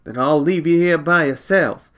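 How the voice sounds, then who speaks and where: Bossy older brother, voiced by the narrator; demanding, a bit higher. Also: male voice, very animated, a little slow, fairly bright tone, exaggerated voice. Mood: impatient.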